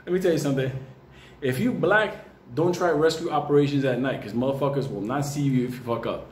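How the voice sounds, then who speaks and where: A man's voice: mid-range voice, fairly quick, darkish tone. A man telling a rambling personal story in a casual, heavily profane way, often breaking into laughter. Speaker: market commentator telling a story. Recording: echoey room, faint ambient noise.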